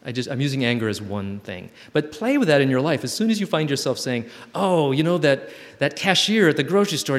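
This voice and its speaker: A man talking reflectively to a group, thoughtful and searching for words as he goes. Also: mid-range voice. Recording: long hall reverb.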